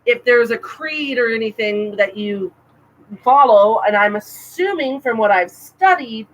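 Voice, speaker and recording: A woman co-hosting a casual podcast chat, talking in an animated, rambling way with frequent restarts. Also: fairly high pitch, unhurried, poor audio. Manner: chatty, animated, self-interrupting with restarts. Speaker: podcast co-host.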